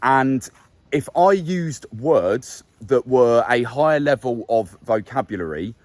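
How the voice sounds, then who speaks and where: A man's voice: medium pitch, lively intonation, takes it slowly, darkish tone, no echo. A young man with a neutral middle-class English accent, explaining a subject to camera in a casual, conversational way and stressing key words. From England. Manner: conversational, self-correcting, emphatic on key words. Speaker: YouTube host. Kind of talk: casual talking-head explainer.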